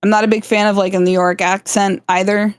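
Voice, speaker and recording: A woman's voice: mid-range voice, level tone, fairly quick, clean tone, dry recording. A woman from South Florida, a stream guest chatting casually, swearing freely and laughing often. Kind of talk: casual chat.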